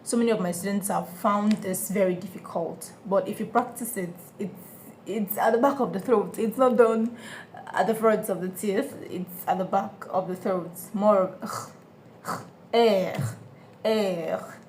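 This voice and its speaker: A woman's voice: medium pitch, normal speed, a little mellow, slight background noise. A woman teaching French sounds to beginners, patiently repeating each example and checking that students follow. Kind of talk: beginner pronunciation lesson.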